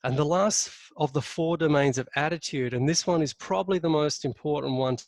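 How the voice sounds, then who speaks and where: A man presenting a leadership webinar in a coaching manner, stressing key words but often pausing with ums and restarts. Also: on the high side, no echo.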